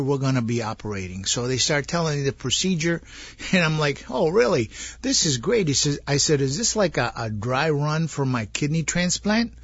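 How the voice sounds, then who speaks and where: A man casually retelling a story, rambling and animated, acting out the dialogue he heard. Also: mid-range voice, breathy edge, no room sound. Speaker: guest telling his story. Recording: dull lo-fi audio.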